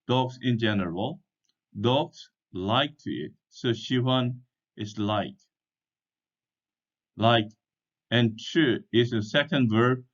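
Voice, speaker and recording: Male teacher; very slow and deliberate, spells words out, dull lo-fi sound. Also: mid-range voice. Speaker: English teacher. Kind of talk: slow explanatory language lesson. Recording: dull lo-fi recording.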